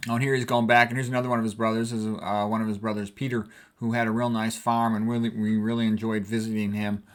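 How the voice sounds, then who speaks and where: A U.S. physician in his sixties rambles casually while looking through old family photos, reminiscing warmly in a conversational vlog. His voice is on the low side, delivered flatly and at a quick pace.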